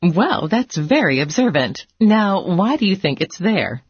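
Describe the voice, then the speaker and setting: Encouraging woman teacher, lively delivery. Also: on the low side, unhurried, breathy edge, dry recording. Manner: patient, encouraging. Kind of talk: scripted educational dialogue.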